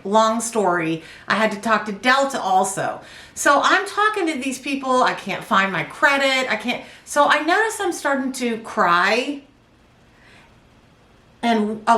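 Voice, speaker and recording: A woman knitting vlogger telling a rambling, animated story in casual chat on a couch. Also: on the high side, echoey room. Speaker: knitting vlogger, yarn dyer. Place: indoors, on a couch.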